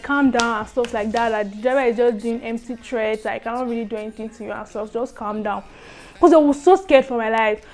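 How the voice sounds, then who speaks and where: Animated young woman telling a story. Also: a little high. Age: young adult. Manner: animated, quick swings between loud and hushed. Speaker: vlogger. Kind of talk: storytime vlog.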